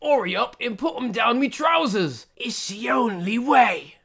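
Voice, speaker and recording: A man voicing a brash, rough-talking loyal sidekick in an animated parody. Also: extremely high pitch, a little slow, full character voice. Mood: eager. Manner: brash, gruff street talk.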